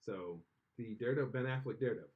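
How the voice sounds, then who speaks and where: A man's voice: medium pitch, racing, highs cut off. Opinionated man rambling on a podcast. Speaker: podcast co-host. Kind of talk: casual podcast chat.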